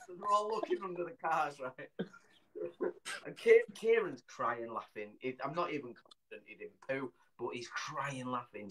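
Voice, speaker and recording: A middle-aged man, a comedian telling a funny story in a punchy, animated way. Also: medium pitch, a little hiss or hum, rough recording. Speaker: comedian, guest. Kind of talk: comic storytelling.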